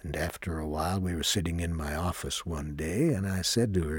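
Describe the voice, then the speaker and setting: A man who leads workshops, telling a personal story in a slow, reflective way and acting out the dialogue. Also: deep voice, slightly rough, no echo. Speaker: workshop leader. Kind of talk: personal storytelling between songs.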